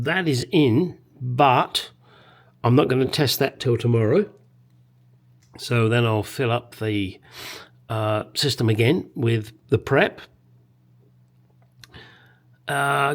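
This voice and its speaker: A man chatting casually in his home garage about a car restoration, rambling and making crude jokes. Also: medium pitch. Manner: rambling, crude joking, swears freely. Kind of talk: casual workshop chat.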